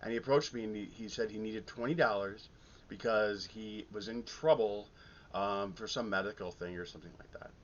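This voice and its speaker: A middle-aged man from the American Midwest, chatting casually and rambling with many ums and restarts in a vinyl collecting vlog. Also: moderate pace. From Milwaukee, Midwest US. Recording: dull lo-fi sound with faint rumble.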